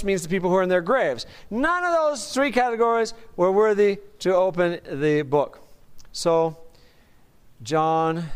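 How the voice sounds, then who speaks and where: A man's voice: high voice, smooth. A man teaching a Bible study in a chatty, enthusiastic sermon style, often asking his listeners questions.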